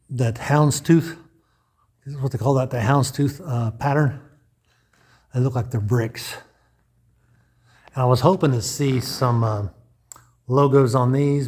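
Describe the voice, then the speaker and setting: A man's voice: medium pitch, a little mellow. A man casually narrating a walking tour of a lodge room, thinking aloud with frequent restarts and guesses. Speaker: vlogger touring a lodge.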